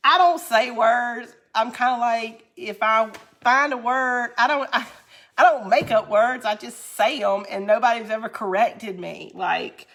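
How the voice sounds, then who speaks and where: A woman's voice: a little high, a little slow, a bit bright. Chatty Southern woman, laughing a lot. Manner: chatty, laughs often, reads viewer comments aloud. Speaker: crafting livestream host. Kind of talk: casual livestream chat with viewers.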